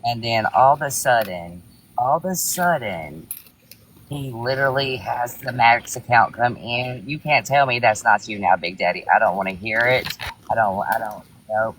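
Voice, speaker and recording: A man's voice: lowish voice, fairly bright tone, poor audio. A man hotly accusing someone during a live stream argument, swearing and confrontational.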